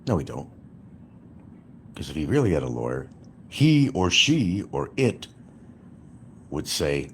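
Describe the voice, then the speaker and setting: A man's voice: a bass voice, very animated, measured pace, pauses often, a bit bright, slight background noise. A man giving a sarcastic ranting commentary as a YouTube commentator, hammering points through repetition.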